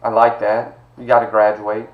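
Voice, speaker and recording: Heard with phone-quality, reverberant sound, a middle-aged college instructor runs an online class from his home over video call. His voice sits on the low side and stays monotone at a moderate pace, though his words are personal and encouraging as he greets students by name.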